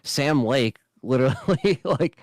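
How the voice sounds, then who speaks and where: A man's voice: mid-range voice, animated, takes it slowly, no echo, clean studio sound. A man co-hosting a casual gaming podcast, easygoing and hesitant, often restarting his sentences. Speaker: podcast co-host.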